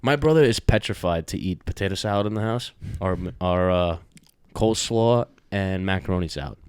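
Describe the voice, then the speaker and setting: A man's voice: deep voice, brisk, clean tone, no room sound. A young man co-hosting a podcast, chatting casually, rambling with lots of filler words and swearing. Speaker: podcast co-host. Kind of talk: casual chat.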